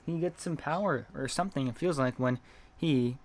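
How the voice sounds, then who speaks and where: A man doing live play-by-play commentary of a game, reading chat messages between pitches, his voice not feeling well. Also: normal speed. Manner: reads chat messages between calls, gets loud on big hits.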